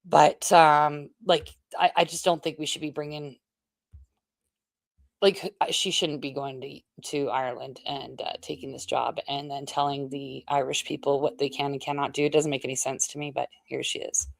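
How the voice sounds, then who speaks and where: Halting gravelly-voiced Canadian woman. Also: low-pitched, little pitch movement, no room sound. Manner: hesitant, filler-heavy, apologetic. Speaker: livestream host. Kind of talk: casual political commentary.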